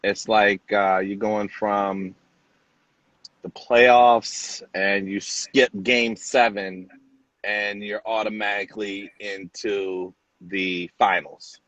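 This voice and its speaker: A man, a hairstylist, telling a lively story in an interview and acting out the people in it. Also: fairly low pitch, takes it slowly, dry recording, dull audio. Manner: animated storyteller acting out quotes. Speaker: celebrity hairstylist, guest.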